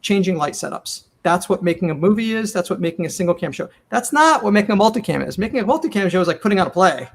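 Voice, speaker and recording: A man's voice: high-pitched, fast talker, gravelly, hardly any pauses. A man who writes and runs TV comedies, telling a behind-the-scenes story in a casual interview and acting out the lines people said. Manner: animated, acts out quoted lines.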